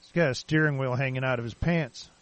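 A man's voice: medium pitch, brisk, no room sound. A man co-hosting a casual podcast, telling crude bar jokes in a laid-back way. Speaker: podcast co-host.

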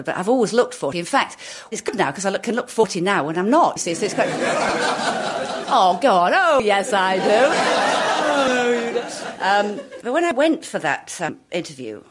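Lively, low-voiced actress telling anecdotes. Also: female voice, very noisy. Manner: animated, self-mocking, quick to laugh. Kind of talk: anecdotal talk.

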